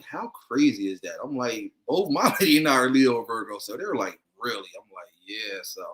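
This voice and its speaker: Man, bright voice, easygoing storyteller, casual guest chat over a video call. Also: mid-range voice. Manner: laid-back, chuckling, storytelling. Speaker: guest content creator.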